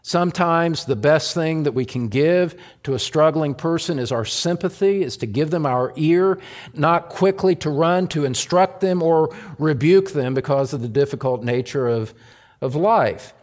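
A man's voice: fairly high pitch, a little slow, a little mellow, long reverb tail. A man preaching an earnest expository sermon, reading scripture aloud and explaining it.

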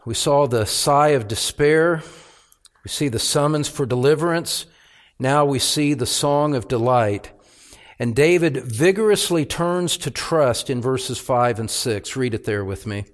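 A male pastor preaching a sermon, calling his listeners beloved and rising in pitch and volume on the points he stresses. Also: expressive. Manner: rises in pitch and volume for emphasis, slows on key phrases.

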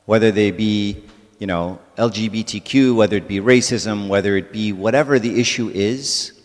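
A man's voice: fairly low pitch, long reverb tail. A man giving a conversational church talk to a congregation, often checking in with "right?". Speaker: church speaker.

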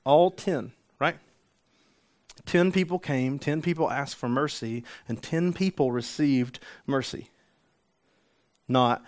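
A man preaching a sermon, an animated storyteller who acts out the scenes he describes. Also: mid-range voice, slow. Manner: animated storytelling, acts out the healed man's joy. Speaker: pastor.

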